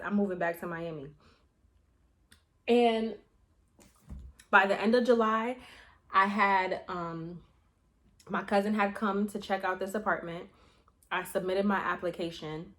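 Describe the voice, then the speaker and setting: A young adult woman vlogger chatting casually to her viewers, telling a story in an animated way with slang and swearing. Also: medium pitch. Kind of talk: casual chat to camera.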